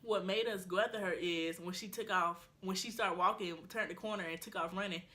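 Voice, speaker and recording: A young woman, telling a storytime in a casual vlog, animated and acting out what her friends said. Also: lowish voice, fairly quick. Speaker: vlogger.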